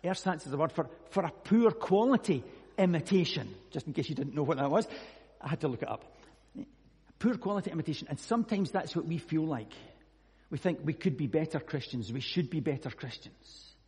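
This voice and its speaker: A man's voice: on the high side, lively intonation, brisk, a little mellow, slightly rough, big-room sound. A Scottish man preaching a sermon, telling a personal story earnestly and reading scripture. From Scotland.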